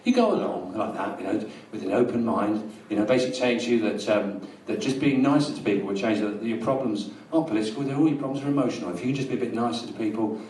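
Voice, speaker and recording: A man with a London accent doing a rambling stand-up routine in a small live venue, telling absurd stories in a dry, deadpan way. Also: on the low side, fast talker, few pauses. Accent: London English. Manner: rambling deadpan storytelling, bursts into loud rants. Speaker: stand-up comedian. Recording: roomy live recording from a distance, audience laughter. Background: audience laughter.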